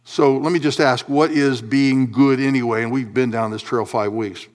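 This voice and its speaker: A man preaching a sermon in a church, swinging between low, quiet asides and loud, emphatic high peaks. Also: fairly even intonation, normal speed. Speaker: pastor.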